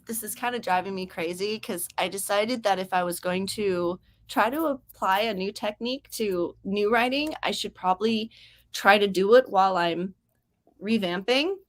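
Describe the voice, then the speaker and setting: A woman's voice: mid-range voice, measured pace. A woman hosting a casual writing livestream, chatty and upbeat, reading viewer comments aloud. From grew up near Mexico. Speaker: host of writing sprint livestream.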